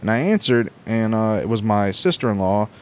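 A man's voice: fairly low pitch, expressive, moderate pace, smooth. A man co-hosting a podcast, telling a long personal story in a casual, rambling and profane way, full of restarts. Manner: rambling, profane, with many restarts and acted-out quotes.

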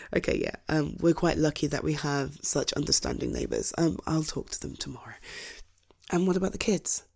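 A woman's voice: sits low, moderate pace, vocal fry, long pauses, a little mellow, slightly rough. A woman in a whispered role-play as a comforting partner, soothing and reassuring, often breaking into giggles.

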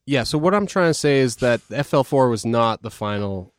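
A man co-hosting a podcast, joking in casual chat with a dry, deadpan manner. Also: mid-range voice, normal speed, clear, resonant tone, no room sound. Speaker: podcast co-host.

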